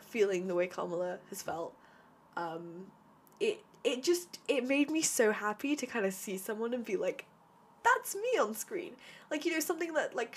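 A woman's voice: mid-range voice, husky. A young woman giving an enthusiastic, casual spoken review, chatty and full of "like" and "um". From Britain. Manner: enthusiastic, chatty, heavy use of "like" and "um". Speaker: vlogger reviewing a TV series.

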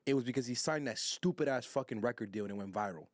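A man's voice: mid-range voice, fast talker, dry recording, clean studio sound. A man co-hosting a podcast in casual chat, blunt, profane and fired-up. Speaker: podcast co-host.

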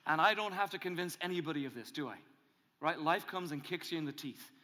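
A male pastor preaching a sermon, animated and emphatic, acting out angry inner voices as he builds. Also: brisk, slight background noise. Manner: animated, acts out angry inner voices, rises in pitch and volume when emphatic. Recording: hall reverb.

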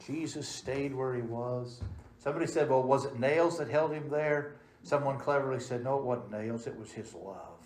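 A male pastor delivers his sermon, his middle-pitched voice surging to loud emphasis and then dropping to a hush. The sound carries the roomy echo of a church sanctuary. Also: moderate pace. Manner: swings between loud emphatic and soft hushed delivery.

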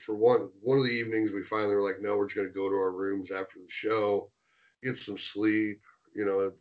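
Low-voiced man telling a rowdy story. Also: narrow, tinny audio. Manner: animated, swears, acts out quotes. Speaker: interview guest, former wrestler. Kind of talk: casual storytelling.

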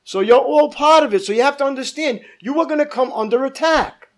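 A man's voice: extremely high pitch, fairly quick. A male pastor leading a Bible study, teaching emphatically, repeating points and asking the group questions.

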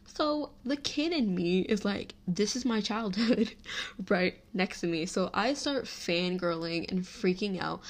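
A young woman hosting her own podcast, telling a story in a chatty, animated way, full of "like" and little laughs. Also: mid-range voice, a little slow. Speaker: podcast host. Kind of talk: casual solo podcast storytelling.

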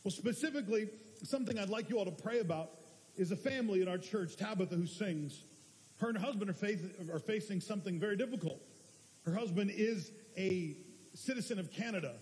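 A man preaches to his congregation, earnest and conversational, correcting himself as he goes. His voice sits high for a man. The church hall trails his words with a long reverb. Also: darkish tone. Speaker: pastor. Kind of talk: sermon. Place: church sanctuary.

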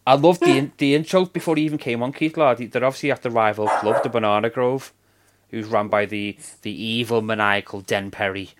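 A man's voice: medium pitch, a little fast, slight background noise. A man, chatting casually as a podcast co-host, laughing a lot and acting out quoted lines. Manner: enthusiastic, laughing storyteller. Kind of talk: casual chat.

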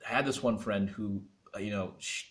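A young man telling a personal story as a guest in an interview, animated and laughing, acting out quoted dialogue. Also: on the low side, fairly quick.

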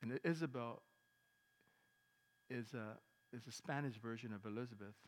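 A man preaching a sermon as a pastor, telling a story in an animated way and acting out the dialogue with emphatic bursts. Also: medium pitch, normal speed, in a large hall. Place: church sanctuary.

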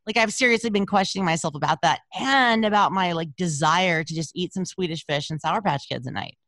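A woman's voice: on the low side, fairly quick, a bit bright, no room sound. A woman hosting a recovery podcast from home, talking candidly and chattily, self-deprecating and swearing freely. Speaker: podcast host. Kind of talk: casual recovery podcast chat. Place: at home, recording remotely. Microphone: broadcaster board mic.

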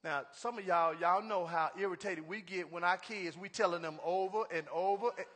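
Pastor guy preaching, really high bright voice, keeps repeating lines and gets loud, big echoey hall. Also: moderate pace. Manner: emphatic preaching with repeated refrains, building to shouts. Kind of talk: sermon.

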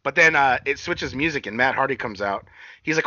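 Man, bright sharp voice, lively pitch, excitable, swears a lot, casual wrestling chat, dry dull recording. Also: a little fast, no room sound. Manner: excitable, profane, acts out quotes. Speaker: podcast co-host.

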